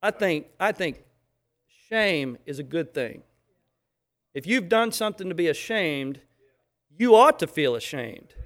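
A man with a high-pitched voice preaching a sermon. He speaks emphatically and with animation, now and then acting out little scenes to make his point. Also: animated, measured pace, long pauses, fairly bright tone.

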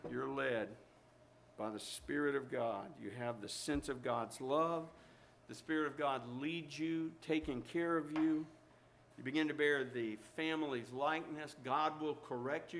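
Bright-voiced preacher telling a story. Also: male voice, a little high, creaky, a little hiss or hum. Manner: storytelling, animated, exhorting. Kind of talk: sermon.

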